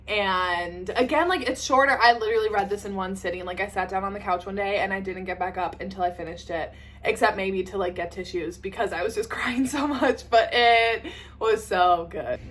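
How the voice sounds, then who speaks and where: Indoors at home, a young woman in her twenties talks about books on her vlog in a chatty, gushing way, saying "like" constantly. Her medium-pitched voice is fairly bright at a moderate pace, with a little hiss or hum in the recording.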